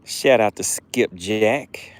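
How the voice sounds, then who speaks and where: A man's voice: fairly low pitch, slow. Chatty man live-streaming from a fishing boat. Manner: chatty, thanks viewers warmly. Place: outdoors on a boat on the water.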